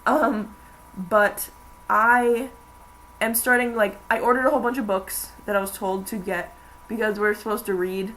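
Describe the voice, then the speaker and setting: A woman's voice: medium pitch, fairly even intonation, normal speed, fairly bright tone, poor audio. Rambling young woman vlogging. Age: young adult. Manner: rambling, chatty, many fillers. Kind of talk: casual chat.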